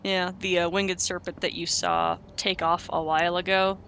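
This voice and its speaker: A game master narrating a tabletop role-playing game, pausing often with fillers while describing the scene. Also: medium pitch, level tone, a bit bright, a little hiss or hum. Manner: hesitant, full of fillers.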